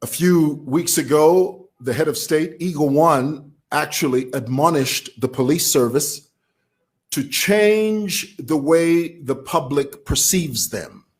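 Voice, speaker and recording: A man's voice: a little high, takes it slowly. A man from Zambia with a Zambian accent, talking casually to camera as a vlogger who laughs while he talks. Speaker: vlogger commentator.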